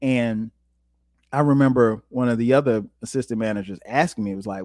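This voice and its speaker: A man from South Carolina hosting a podcast, telling stories in a relaxed, casual way and jumping up in pitch when he quotes himself. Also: brisk, dry recording, studio quality. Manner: animated, jumps high when quoting himself. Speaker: podcast host. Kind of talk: casual storytelling.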